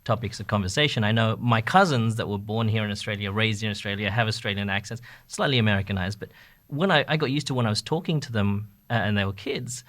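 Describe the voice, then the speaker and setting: A man's voice: lowish voice, fast, a bit bright. A man who is a podcast guest, chatting in an easygoing, casual way. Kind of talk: casual chat.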